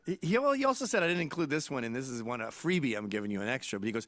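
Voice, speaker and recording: Animated, irreverent male podcast host. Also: mid-range voice, very fast, few pauses, dry recording. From Canada. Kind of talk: comedic monologue.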